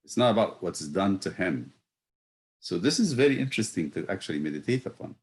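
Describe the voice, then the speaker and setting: Deep-voiced male priest, reflective teacher, halting delivery that rises into emphatic questions. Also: big pitch swings. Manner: thoughtful, pausing with fillers, building to emphatic rhetorical questions. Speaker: priest teaching Bible study. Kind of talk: reflective Bible study lesson.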